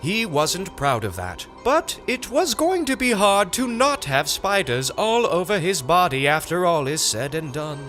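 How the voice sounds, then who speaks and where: A man narrating a comic nonsense story with a slow, deadpan delivery. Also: high-pitched, faint music behind. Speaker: audiobook narrator.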